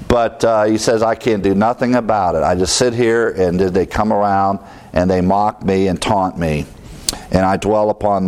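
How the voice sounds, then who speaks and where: A man's voice: lowish voice, darkish tone. A middle-aged man teaching verse by verse through a Bible book, conversational, with fillers and chuckles.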